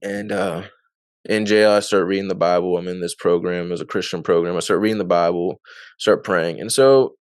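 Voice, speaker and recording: A man's voice: low voice, a little fast, smooth, no room sound, studio quality. A man being interviewed, telling his story in a loose, rambling way with lots of fillers and frequent laughs. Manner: laughs often. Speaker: interview guest. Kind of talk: casual testimony.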